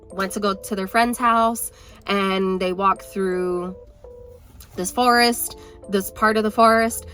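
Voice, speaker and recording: A woman's voice: medium pitch, fairly bright tone. A young woman vlogging about a book she is reading, talking in a chatty, rambling way full of "like" fillers. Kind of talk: casual chat.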